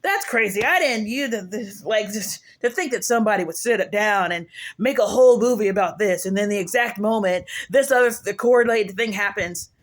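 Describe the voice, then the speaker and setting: A woman's voice: medium pitch, a little fast, hardly any pauses. A woman giving a casual commentary rant on her own channel, emphatic and slangy, repeating phrases for effect.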